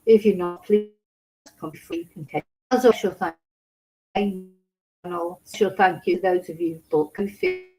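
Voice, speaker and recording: A woman's voice: lowish voice, a little slow, pauses often, dark tone, faint music behind, low-quality recording. A woman hosting a casual true crime livestream from her home in Spain, talking in a rambling, emotional way with many restarts.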